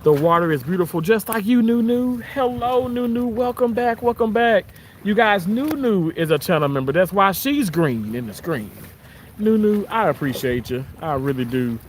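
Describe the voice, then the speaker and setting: A man with a Southern American accent, chatting casually on a live stream outdoors by the water, warm and grateful as he reads out viewers' messages. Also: high-pitched, animated, moderate pace, a little hiss or hum. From Southern United States. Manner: warm, grateful, chuckles often. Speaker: live-stream host reading chat.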